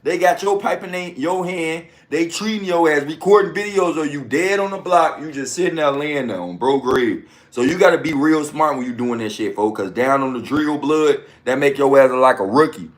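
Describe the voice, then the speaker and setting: A man riffs through a loose commentary rant, full of street slang. His voice sits a little high for a man. Now and then he breaks into sound effects of gunshots. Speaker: commentary host.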